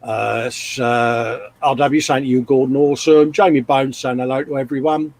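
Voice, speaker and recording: A man's voice: medium pitch, fairly even intonation, normal speed, darkish tone. A man hosting a casual live stream from a home workshop, reading out viewer comments and chatting. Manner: laid-back, reads out viewer comments. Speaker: host.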